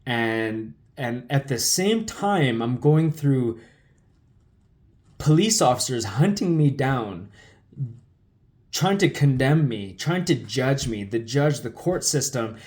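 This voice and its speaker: A man's voice: medium pitch, lively intonation, slow pace, darkish tone. Emotional man telling his own story. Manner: emotional, loose with frequent fillers and restarts. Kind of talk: personal storytelling talk.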